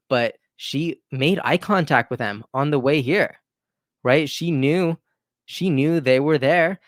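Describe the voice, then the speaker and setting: Guy ranting casually on his channel, mid-pitched, dry close mic, keeps restarting and going "right?". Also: no echo. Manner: conversational, repetitive restarts, emphatic rhetorical asides. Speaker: political commentary host. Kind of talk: casual political commentary.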